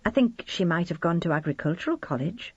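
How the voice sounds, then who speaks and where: Brief: woman reading as an irritable daughter for an audiobook; deeper voice, dry and close. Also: expressive, a little fast, husky, no room sound. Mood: explaining. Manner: curt, defensive retorts. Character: defensive grown daughter, curt and irritable. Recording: slightly dull lo-fi recording.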